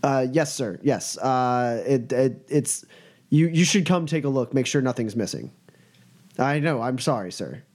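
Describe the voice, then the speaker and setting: A man's voice: mid-range voice, expressive, measured pace, a little mellow. A man voicing a nervous, apologetic male security chief who stammers and keeps saying sir. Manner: stammering, deferential, full of sirs.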